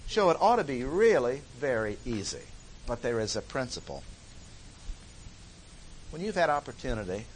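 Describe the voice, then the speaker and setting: A man's voice: mid-range voice, a little hiss or hum, low-quality recording. A man teaching a Bible study lecture in an emphatic way, repeating key phrases for stress.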